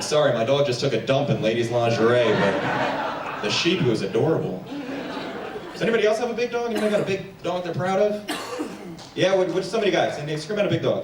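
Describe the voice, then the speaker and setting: Male stand-up comic from New Jersey, animated crowd work, roomy distant theater recording with audience noise. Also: a little high. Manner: quick crowd work, animated voices for pets. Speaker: stand-up comedian. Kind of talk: stand-up comedy set. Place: theater stage before a packed house. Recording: echoey stage sound from far off, audience noise.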